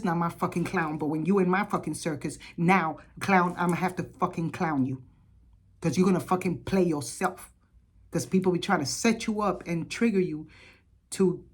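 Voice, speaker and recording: A woman's voice: on the low side, a little mellow, breathy edge. A woman from the Caribbean telling a casual story on her spiritual vlog, blunt and heavy on profanity. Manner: blunt and profane, with frequent laughs. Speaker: spiritual vlogger.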